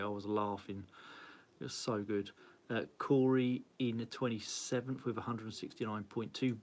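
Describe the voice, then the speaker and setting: A man hosting a casual live-stream rundown of a cycling club's leaderboard, cheery and chatty, greeting viewers by name and laughing at his own slips. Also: mid-range voice. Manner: flustered, self-mocking. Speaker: cycling club host.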